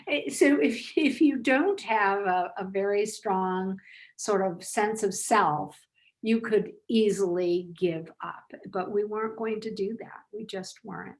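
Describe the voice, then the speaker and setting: An older woman, a business founder, telling stories in an interview over a video call, lively and laughing now and then. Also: medium pitch, low-quality recording. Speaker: author and business founder, guest. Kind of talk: storytelling interview answers.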